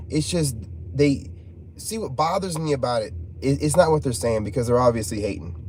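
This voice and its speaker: A man's voice: mid-range voice, a little mellow, a little hiss or hum. A man giving an impassioned vlog monologue, heated and rambling, full of fillers and repeated points. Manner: passionate, heated, repeats himself. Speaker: vlogger.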